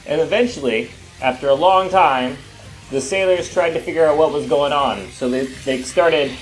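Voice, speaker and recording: A man teaching children, telling a Bible story in a playful, animated way with silly asides. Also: on the high side.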